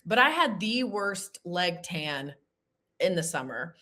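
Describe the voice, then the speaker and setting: A woman in her thirties hosts a relaxed sports chat. Her voice sits a little low yet sounds bright and forward, and she talks in a playful, self-teasing way. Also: slow. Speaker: show host. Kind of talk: casual interview chat.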